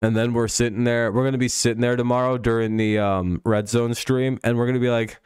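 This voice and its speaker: A man's voice: medium pitch, level tone, a little fast, few pauses, darkish tone, smooth, no echo, clean studio sound. A man hosting a casual football preview stream, joking and rambling with frequent swearing. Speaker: sports streamer. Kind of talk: casual NFL preview chat.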